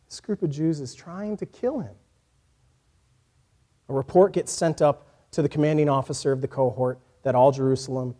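A man preaching a sermon in an earnest voice that moves from quiet, reflective passages to emphatic points. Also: fairly high pitch. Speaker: pastor.

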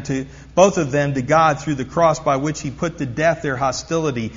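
A man's voice: fairly high pitch, moderate pace, husky. A man preaching a sermon, emphatic, repeating key phrases and asking the congregation questions. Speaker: pastor. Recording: long hall reverb, dull lo-fi sound.

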